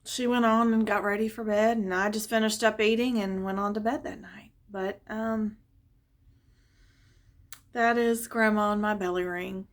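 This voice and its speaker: A woman telling a personal family story in a casual vlog, conversational and expressive, turning wistful as she reflects. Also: medium pitch, normal speed.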